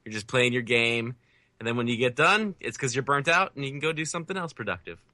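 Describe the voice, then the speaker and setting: A man's voice: mid-range voice, expressive, fast talker, bright, forceful tone, no room sound. A man co-hosting a gaming podcast, talking in a loose, joking way. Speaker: podcast co-host. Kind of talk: casual gaming chat.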